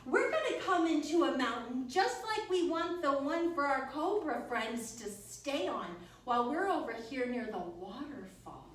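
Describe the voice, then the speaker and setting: A woman guides small children through a yoga class with a bright, sing-song warmth. Her voice sits high, and she is heard from some distance. The studio around her is very echoey, with a faint hiss of room noise. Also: expressive, a little slow, hardly any pauses. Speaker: kids yoga teacher.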